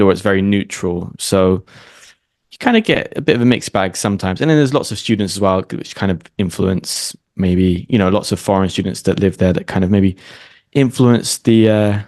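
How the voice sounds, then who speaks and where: Brief: Oxford-accented man, relaxed guest on a video-call chat, lowish voice, dry close sound. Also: no echo. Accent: British English, Oxford. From Oxford, England. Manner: laid-back, dry humour, laughs often. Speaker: guest, online English teacher. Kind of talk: casual conversation.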